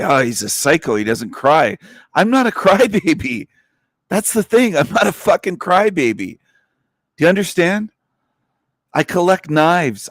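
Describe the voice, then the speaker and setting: A man's voice: fairly high pitch, no echo, clean studio sound. A man hosting a livestream in a blunt, profane angry rant, with scornful laughs scattered through it. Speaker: livestream host.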